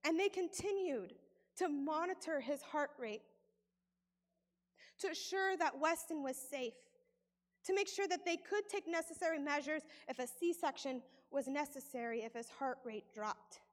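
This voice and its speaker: A woman telling a deeply emotional personal testimony, pausing often, her voice breaking with feeling. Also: long reverb tail. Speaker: speaker sharing a personal testimony.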